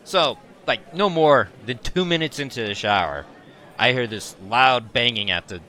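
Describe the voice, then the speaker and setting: A podcast co-host tells a story in a casual, animated way, laughing often. His voice is medium in pitch and his pace is moderate.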